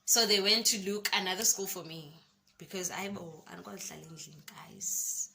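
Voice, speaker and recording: A young woman with a South African accent, telling a personal story to her vlog viewers in an expressive way and calling them guys. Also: on the low side, moderate pace, vocal fry, slight background noise. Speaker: YouTuber.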